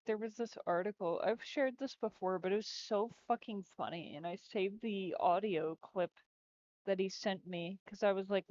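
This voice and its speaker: Slow, giggly woman developer chatting. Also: mid-range voice, a little mellow, dry recording. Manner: giggly, rambling. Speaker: game developer. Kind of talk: casual chat while working on a livestream. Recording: dull lo-fi stream audio.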